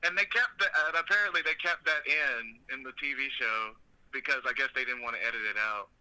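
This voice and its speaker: Talking fast in a mid-range voice that sounds pushed and bright, this podcast host rambles through profane, joking stories. The casual comedic chat comes through on a low-quality recording.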